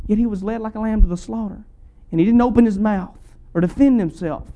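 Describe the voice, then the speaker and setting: Male preacher, sermon delivery, high-pitched and mellow, pressing rhetorical questions. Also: fairly quick. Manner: rhetorical, repeated questions with rising and falling intensity.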